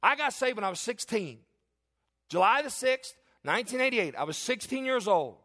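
High-voiced man in his forties preaching. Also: lively intonation, moderate pace, pushed and bright. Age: 40s. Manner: emphatic, repeats and restarts phrases. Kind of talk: sermon with Bible reading.

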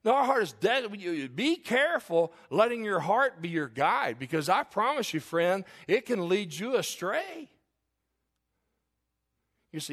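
A middle-aged man preaching from the pulpit, his pitch sitting a little high and swinging widely as he presses a point. He talks to the congregation in a candid, conversational way, firing off rhetorical questions. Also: big pitch swings, measured pace, fairly bright tone. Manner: confessional, candid storytelling. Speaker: pastor. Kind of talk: sermon.

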